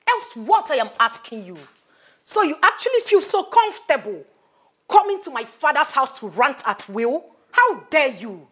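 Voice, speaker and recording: A woman's voice: medium pitch, lively intonation, normal speed, natural voice. An actress playing a scheming, obsessed young woman who speaks sharply and defiantly.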